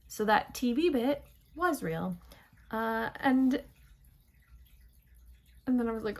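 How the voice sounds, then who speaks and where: A young woman talks through a TV episode in a casual spoiler review. She is chatty and playful and throws in dramatic asides. Her voice sits at an ordinary middle pitch for a woman. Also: measured pace, gravelly.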